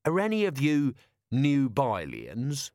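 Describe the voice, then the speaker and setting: A man's voice: mid-range voice, wildly swooping pitch, slow, a little mellow, dry recording, clean studio sound, pitched above the performer's own voice. A man voicing a scruffy male city watchman who talks hesitantly and mumbles. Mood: sheepish, awkward.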